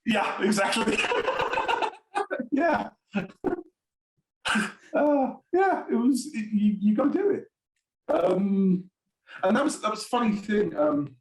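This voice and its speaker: A man's voice: high voice, vocal fry. A man talking as an interview guest, circling his point with ums and laughing often. His voice carries a noticeable room echo. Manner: rambling, many fillers, laughs often. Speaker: screenwriter and producer guest. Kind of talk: casual interview chat.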